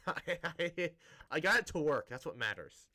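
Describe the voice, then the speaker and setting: A man's voice: on the high side, expressive, measured pace, pushed and bright. A man streaming a building game, chatting casually to viewers in a rambling, self-interrupting way with a dry, sarcastic-sounding tone.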